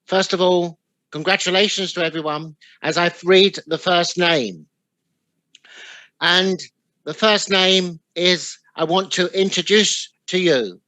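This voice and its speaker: A man with a London Cockney accent presenting a formal ceremony, reading honorees' names with warm, self-deprecating remarks. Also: high voice, no echo, low-quality recording. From East London, England.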